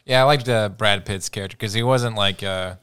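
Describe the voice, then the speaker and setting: A man's voice: fairly low pitch, fairly quick, a bit bright, smooth, no echo, studio quality. A man co-hosting a casual podcast, talking hesitantly and restarting as he works out his thoughts. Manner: hesitant, many fillers and restarts while thinking aloud. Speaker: podcast co-host. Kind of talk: casual chat.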